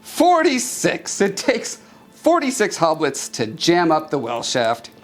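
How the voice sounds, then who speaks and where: A man's voice: on the high side, huge pitch swings, takes it slowly, soft background music, full character voice. A man voicing a mischievous male elf companion in a sly, exclaiming storybook voice.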